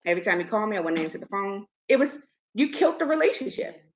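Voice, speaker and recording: A middle-aged woman hosting a casual chat, telling a personal story in an animated way and acting out what others said. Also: mid-range voice, quick pace, highs cut off, a little hiss or hum. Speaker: host.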